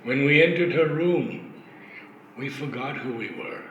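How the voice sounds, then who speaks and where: An older man reading poetry aloud in a slow, measured way and sharing memories. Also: medium pitch, fairly bright tone, lo-fi sound, slight background noise. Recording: echoey room.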